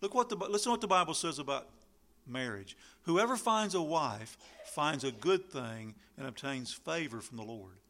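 A man preaching a sermon, lively and animated, acting out the people he quotes. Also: fairly high pitch, moderate pace. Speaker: pastor.

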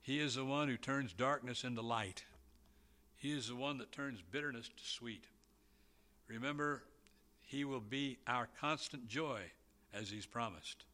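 A man preaching a sermon, slow and emphatic, with a volume that swells and drops. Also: mid-range voice, pushed and bright.

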